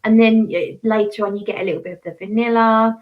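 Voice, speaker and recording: A woman's voice: fairly high pitch, fairly even intonation, fast talker, narrow, tinny audio. A woman hosting a casual livestream chat from her home desk, talking in a chatty, hesitant way with many fillers. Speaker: fragrance channel host. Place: home desk working-from-home setup.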